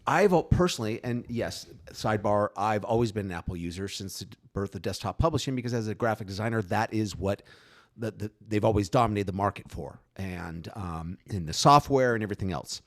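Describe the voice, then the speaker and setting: A man's voice: on the low side, lively intonation, brisk. A man co-hosting a podcast in casual chat, rambling with many restarts. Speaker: podcast co-host; graphic designer.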